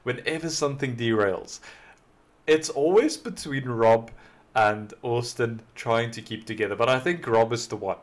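A man with a mid-range voice reacts to a clip in casual, enthusiastic commentary. He rambles and restarts his sentences as he thinks out loud. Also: mid-range voice, moderate pace. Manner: enthusiastic, rambling, repeats himself. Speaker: reaction channel host.

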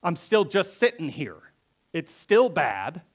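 A pastor preaching a conversational sermon, reading verses aloud and then acting them out with emphatic repetition. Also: male voice, on the high side, sing-song, slow pace. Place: church.

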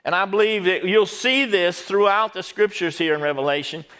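A man's voice: high voice, moderate pace, a bit bright, smooth. A middle-aged man, a pastor preaching a sermon and drawing call-and-response from the congregation.

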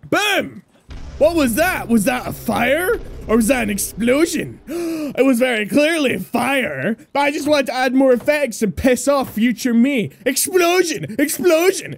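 A young woman giving loud, excitable gameplay commentary, swearing and laughing often. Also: fairly high pitch. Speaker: gameplay streamer.

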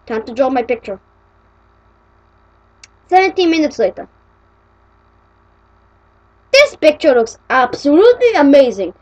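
Woman vlogger, high lively voice, excitable and complaining, casual cartoon narration. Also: lo-fi sound. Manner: excitable, complaining, quick to get annoyed. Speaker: channel creator.

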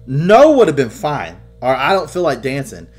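A man's voice: mid-range voice, normal speed, soft background music. A young man co-hosting a podcast, swearing freely and laughing a lot as he tells stories. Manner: profane, animated, laughs a lot. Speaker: podcast co-host. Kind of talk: casual gaming chat.

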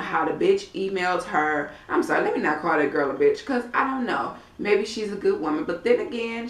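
A woman giving a casual, blunt and profane recap of a TV episode, with chatty slang asides. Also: on the low side. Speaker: TV episode reviewer. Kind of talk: casual recap of a reality show. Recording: echoey room, mic at a distance.

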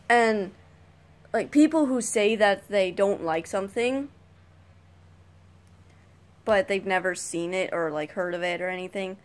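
A woman's voice: mid-range voice, measured pace, pauses often. A teenage girl vlogging a casual rant to camera, rambling and sighing as she complains. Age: teens. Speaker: YouTube vlogger.

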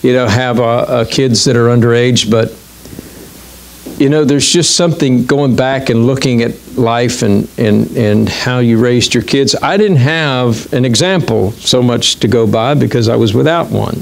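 In his sermon, a middle-aged pastor with a gravelly, medium-pitched voice speaks conversationally, hesitating often and restarting his sentences amid plenty of fillers.

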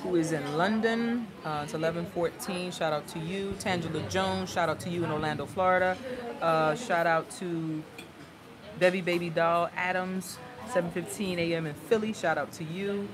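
A woman sits beside the host on a busy outdoor patio and works through viewer shout-outs in an easygoing, stop-and-start way. Crowd chatter fills the air around her. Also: on the low side, steady tone. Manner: easygoing, reads names haltingly. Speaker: co-host reading viewer comments. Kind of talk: casual live-stream shout-outs.

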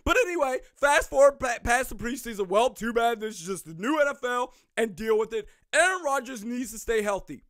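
A man hosting a sports podcast, ranting sarcastically about rival fans and referee calls, now and then shouting. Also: extremely high pitch, lively intonation, fairly quick, few pauses, dry recording, clean studio sound.

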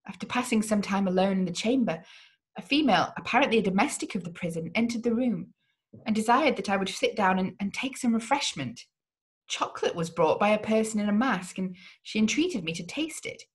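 A woman's voice: medium pitch, expressive, fairly quick. Woman dramatically reading a gothic novel. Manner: dramatic reading with occasional slips. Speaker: read-along host.

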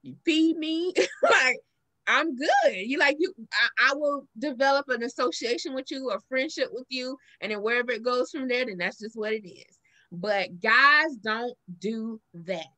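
A woman's voice: on the high side, normal speed. A woman with a Southern US accent co-hosting a podcast, telling stories in casual chat and acting out the lines she quotes. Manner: animated storytelling, acts out quoted lines. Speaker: podcast co-host.

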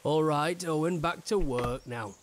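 An actor playing a gruff woodcutter foreman in a narrative game, with a Northern English accent and a blunt, curt manner. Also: fairly high pitch, measured pace, natural voice. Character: gruff working-class woodcutter foreman, middle-aged.

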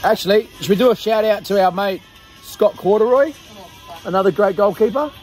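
A man's voice: sits high, a little fast, a little mellow, soft background music. An Australian man in his thirties, filming a casual campsite vlog with mates, teasing and laughing a lot. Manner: jokey, teasing, laughs often. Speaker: vlogger. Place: campsite outdoors at night.

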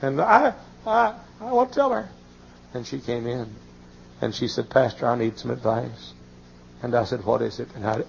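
A man in his late fifties preaching a sermon, telling folksy stories and often crying out in high, excited bursts. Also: gravelly. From Texas. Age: 50s. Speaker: pastor. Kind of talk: sermon with storytelling. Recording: muffled old sermon tape with faint hiss.

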